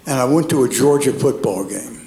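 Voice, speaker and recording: A man's voice: medium pitch, brisk, creaky, dark tone, slight background noise. A man, telling a rambling, folksy stand-up set on a comedy club stage. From North Carolina, USA. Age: 80s. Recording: roomy club with audience laughter.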